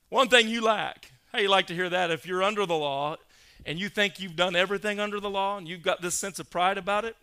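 A male pastor preaching a sermon, emphatic, building to loud, insistent peaks and quizzing his congregation. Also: sits high, steady tone, fast, clean tone.

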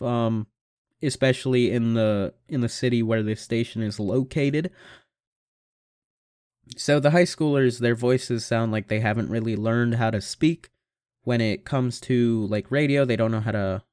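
A man's voice: mid-range voice, a little mellow, clean tone, no echo, clean studio sound. A young man in his late teens hosting a casual solo podcast from a home mic setup, rambling and swearing with self-mocking humor. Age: young adult. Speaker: podcast host. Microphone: home computer microphone.

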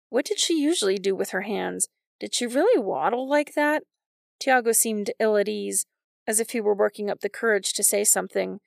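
A woman narrating a novel in a wry, even storytelling manner. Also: medium pitch, gravelly, no room sound, clean studio sound. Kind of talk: scripted audiobook narration.

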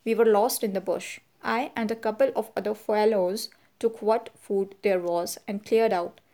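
A woman's voice: mid-range voice, fairly even intonation, normal speed, dark tone, natural voice. A woman reading the part of a cynical adventurer who talks in a cool, offhand, amused way.

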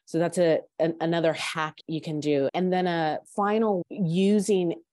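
Earnest woman coach, gently guiding. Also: on the low side, fairly even intonation, unhurried, no room sound, clean studio sound. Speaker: coach and mediator, podcast guest. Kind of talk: podcast interview.

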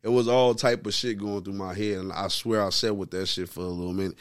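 A man's voice: deep voice, fairly even intonation, quick pace, clear, resonant tone, no echo, clean studio sound. A man in his thirties co-hosting a podcast, telling a story in casual chat, full of slang and repeating "you know what I'm saying". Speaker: podcast co-host.

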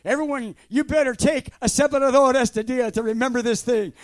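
A man in his sixties preaches with fervor, his voice unusually high. He breaks into loud shouted bursts between stretches of storytelling. The sound is dry and close, with no room around it. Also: brisk, no room sound. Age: 60s. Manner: shouting, fervent, with sudden loud bursts and laughs. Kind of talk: sermon.

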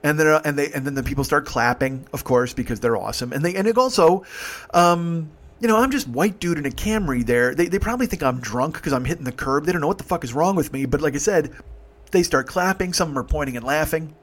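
Profane fifty-something man telling a story. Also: a little high. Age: 50s. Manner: profane, halting, animated. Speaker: podcast host. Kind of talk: casual storytelling.

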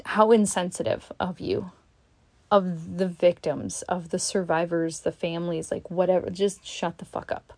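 Woman, vlogger, frustrated candid rant, blunt with frequent swearing, halting restarts, sighs, dry close sound. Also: fairly low pitch, steady tone, vocal fry, darkish tone, no room sound. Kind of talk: candid venting monologue.

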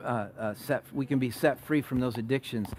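A man preaching a sermon as pastor, conversational, rising to loud emphatic peaks and dropping to soft low asides. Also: normal speed, slight background noise.

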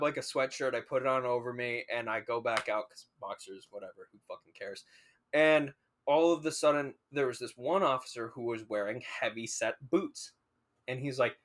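A young man telling a story on a casual podcast, animated and swearing freely. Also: medium pitch, normal speed. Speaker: podcast co-host.

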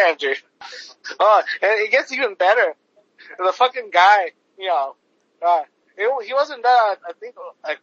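Sharp-toned and high, this male podcast host rants casually, swearing heavily and stumbling through fillers and restarts. There's no room sound on the dull, lo-fi recording.

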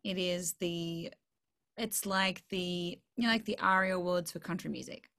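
Bright-voiced Australian woman, lightly twangy. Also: lowish voice, moderate pace. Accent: Australian with a slight Southern US twang. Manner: bubbly and self-deprecating, laughs easily. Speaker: country singer guest. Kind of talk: casual interview chat.

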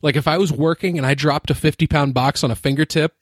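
American man in his thirties, casual storyteller, fairly high voice. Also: steady tone, fast, dry recording, studio quality. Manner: laid-back storytelling, says like often, laughs easily. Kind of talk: casual chat.

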